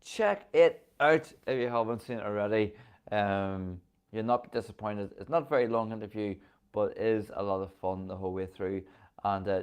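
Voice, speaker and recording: Man, Northern Irish accent, low-pitched, casual host chat, keen, filler-heavy. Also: clean tone. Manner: enthusiastic and chatty, with frequent ums.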